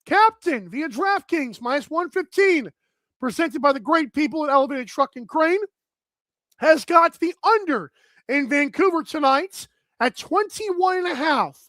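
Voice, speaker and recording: A man hosting a live sports betting talk show, energetic and outspoken as he runs through his picks. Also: very high voice, unhurried, no room sound. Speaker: host.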